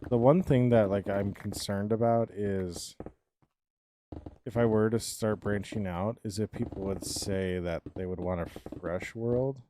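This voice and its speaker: A man's voice: lowish voice, steady tone, unhurried, noisy background. A young man streaming live, chatting casually with viewers and thinking aloud in a loose, rambling way that often trails off.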